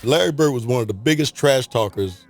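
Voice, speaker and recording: A former basketball player telling a game story in an animated interview manner. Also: male voice, medium pitch, a little fast, faint music behind.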